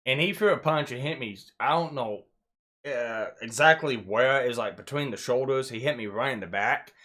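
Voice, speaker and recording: A man's voice: medium pitch, normal speed. A young man telling a school story in a casual chat, swearing freely and acting out the moments in a raised voice. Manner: animated, swearing, retells scenes in raised quoted voices. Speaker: podcast host.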